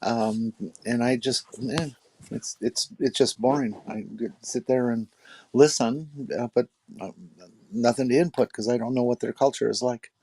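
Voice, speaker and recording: A man chatting casually on a podcast, speaking in a halting, hesitant way. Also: medium pitch, fairly even intonation, warm tone, slightly rough, no room sound. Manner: hesitant, halting, full of fillers. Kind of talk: casual chat.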